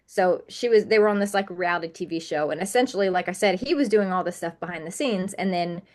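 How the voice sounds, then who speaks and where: A woman's voice: on the low side, fast, a little mellow. A woman talking as a podcast guest in a candid interview, earnest and emphatic, piling up repetitions.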